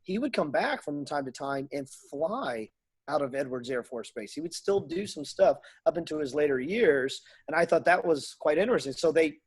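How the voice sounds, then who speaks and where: A middle-aged man spins animated stories in a relaxed conversation, his voice sitting a little high. He acts out the dialogue in his tales. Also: moderate pace. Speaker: guest. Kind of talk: casual storytelling.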